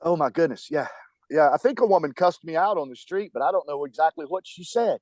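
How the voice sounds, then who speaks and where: A man's voice: a little high, a little fast, no room sound. A man with a Southern US accent, a touring musician chatting in an interview, rambling and laughing often. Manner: animated, rambling storyteller who laughs often. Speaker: touring band musician, guest. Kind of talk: casual interview chat.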